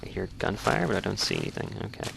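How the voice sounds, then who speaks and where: A man's voice: low-pitched, huge pitch swings, quick pace, gravelly, heavy background noise. A man hosting a let's play, giving easygoing, rambling gameplay commentary. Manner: easygoing, rambling, self-correcting.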